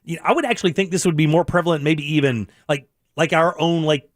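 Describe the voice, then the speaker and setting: A man's voice: fairly high pitch, fast, no room sound. A middle-aged man hosting a radio show in a studio, chatting casually, laughing often and restarting his sentences. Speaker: radio host.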